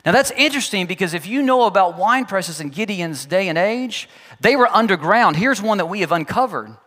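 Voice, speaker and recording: Animated high-voiced male preacher. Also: brisk, big-room sound. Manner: animated, acts out quotes in voices. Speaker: pastor. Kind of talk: sermon.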